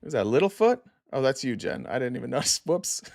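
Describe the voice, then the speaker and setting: A man's voice: medium pitch, big pitch swings, brisk, creaky, a little mellow. A man hosting a live stream, easygoing and casual, swearing now and then. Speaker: host.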